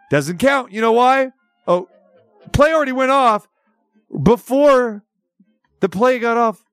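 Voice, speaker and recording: A man's voice: sits high, fairly bright tone, no room sound. A man hosting a sports talk segment, ranting in an exasperated, sarcastic way. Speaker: sports radio host.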